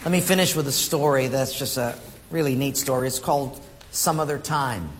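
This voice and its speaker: A man preaching a sermon, telling stories with animated acted-out voices and dropping low and soft for emphasis. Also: normal speed, crowd noise. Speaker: pastor. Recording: hall reverb, faint room noise.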